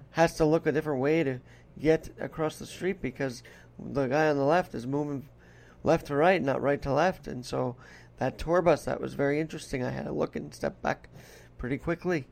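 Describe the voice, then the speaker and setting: Young man from New York, put-on Irish brogue, gravelly voice, slightly high, rambling solo podcast chat. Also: darkish tone. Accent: put-on Irish brogue over a New York voice. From New York City. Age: 20s. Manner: rambling, chatty, corrects himself mid-sentence. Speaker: podcast host.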